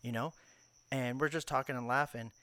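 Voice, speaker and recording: A man's voice: medium pitch, moderate pace, clear, resonant tone. A man in a loose podcast chat, spinning a story with lots of energy. He jumps into other people's voices as he retells what they said and swears without a second thought. His voice sits right in the middle of the usual male range. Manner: animated storyteller, acts out quotes, swears freely. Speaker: podcast co-host.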